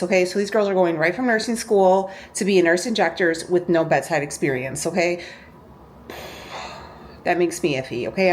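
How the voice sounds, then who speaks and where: Chatty woman vlogger, lower voice. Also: a little hiss or hum. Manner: chatty, ranting, lots of fillers like "okay?". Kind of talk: casual chat.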